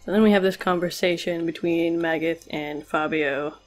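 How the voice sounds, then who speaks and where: A woman's voice: on the low side, fairly even intonation, normal speed, soft background music. A young woman reviewing a comic chapter, reading it aloud with casual, sarcastic commentary. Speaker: manga reviewer.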